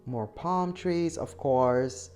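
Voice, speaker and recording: Chatty low-voiced woman, faint music behind. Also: drawn-out words, darkish tone. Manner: chatty, enthusiastic, addresses viewers directly. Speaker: shopping vlogger. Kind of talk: casual shop-with-me voice-over.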